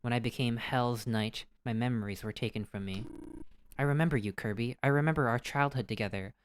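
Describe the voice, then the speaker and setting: A man's voice: mid-range voice, fairly quick, clean tone, lightly acted. A man reading as a gloating evil knight. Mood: subdued. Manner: melodramatic villain reading, swings to panicked shouting. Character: arrogant evil knight, a vengeful childhood doll. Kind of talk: reading game dialogue aloud.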